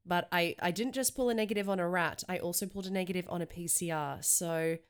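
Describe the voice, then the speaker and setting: A woman's voice: on the low side, fast, clean tone. A woman hosting a podcast, chatting candidly and reading news with a stuffy voice from a cold. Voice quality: stuffy sick voice. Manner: candid, chatty, swears casually. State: has a cold. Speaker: podcast host.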